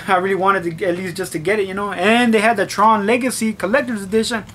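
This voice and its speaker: Young man, high voice, bright edge, constant swearing, casual vlog rant, faint background hiss. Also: fairly even intonation, brisk. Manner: swears constantly, acts out his own reactions. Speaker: vlogger. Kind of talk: casual profane rant to camera.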